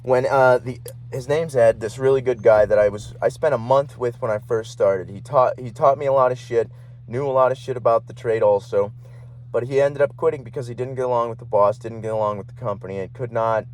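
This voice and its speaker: A man's voice: medium pitch, a little fast, darkish tone. Young male podcast host, heated, rambling and profane, a faint hum behind him. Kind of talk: casual ranting monologue.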